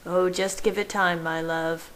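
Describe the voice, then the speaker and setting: A gentle, teasing young husband, murmured low and slow, read by a woman. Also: fairly even intonation, natural voice. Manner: soft, murmuring. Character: young man, loving, teasing, calm.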